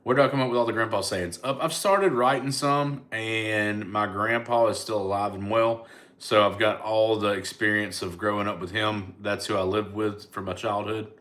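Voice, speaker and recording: A man's voice: on the low side, fairly even intonation, moderate pace, a bit bright. A man with a Southern US accent, a comedian casually chatting live with his fans and answering their comments in a laid-back, rambling way. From United States.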